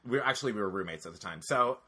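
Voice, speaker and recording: A man telling a personal story on a casual podcast, animated and profane, talking straight to his listeners. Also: lowish voice, very fast, slightly rough.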